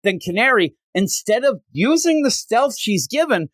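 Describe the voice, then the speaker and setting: A man co-hosting a comics podcast in casual chat, animated and exasperated, slipping into mock voices when quoting characters. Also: sits high, moderate pace, no echo, studio quality. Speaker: podcast co-host reviewing comics.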